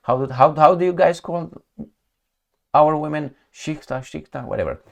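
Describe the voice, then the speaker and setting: A man's voice: fairly high pitch, moderate pace, creaky. A man giving casual political commentary, mocking and chatty, talking to his viewers like friends. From Romania.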